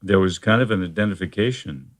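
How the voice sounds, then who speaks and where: Male therapist guest, very low voice, measured explainer, lots of "uh" and restarts. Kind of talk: conversational interview.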